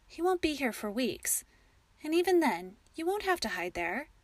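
A woman reading the lines of a gentle, patient farmer husband who softly soothes his wife. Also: high-pitched, sing-song, normal speed, dry recording, pitched above the performer's own voice. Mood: soothing.

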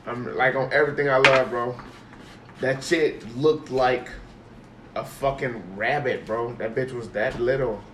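A young man, telling a story to friends in a casual, animated way, swearing and repeating himself for emphasis. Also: mid-range voice, unhurried, distant mic. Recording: echoey room, from off the mic, faint noise.

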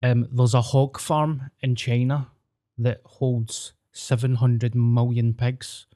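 A man with a Glaswegian Scottish accent hosting a podcast, rambling in a casual, sweary, deadpan way. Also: mid-range voice, slow pace, dry recording, studio quality. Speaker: podcast host. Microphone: podcast mic.

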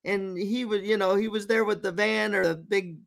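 A man who is a guest comedian in casual chat, relaxed and agreeable, adding his own stories. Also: sits high, moderate pace, gravelly.

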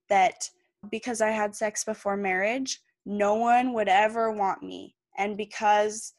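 A woman's voice: medium pitch, no room sound. A young woman, a podcast guest, earnestly recounting a personal story in candid, plain words.

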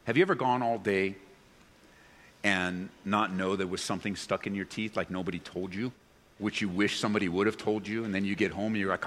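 A man preaching a sermon to a congregation, animated, swinging between loud excited bursts and low earnest tones. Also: a little fast. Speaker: pastor. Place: church sanctuary before a congregation. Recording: long reverb of a large hall.

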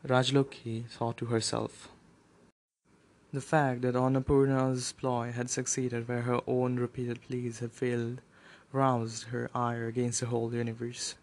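A man narrating a novel aloud, measured, with occasional brief explanatory asides. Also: mid-range voice, completely flat delivery, darkish tone.

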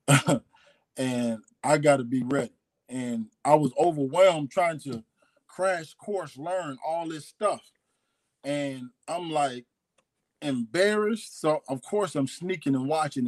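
Speaking with a slightly mellow, mid-range voice and no echo, this male guest gives candid personal testimony about his life. He sounds hesitant and confessional, frequently restarting and saying the same lines again.

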